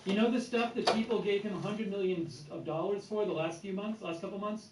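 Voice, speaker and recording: Sarcastic high-voiced man in echoey room. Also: brisk. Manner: sarcastic, mocking repetition. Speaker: political commentator. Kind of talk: reaction commentary. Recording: echoey room, distant mic, noisy.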